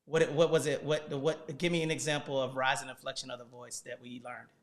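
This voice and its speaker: A man's voice: medium pitch, flat delivery, fairly quick. A man hosting a casual business livestream who prompts his kids with coaxing questions and then talks straight to viewers, repeating "guys.". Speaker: host and parent coaching his kids.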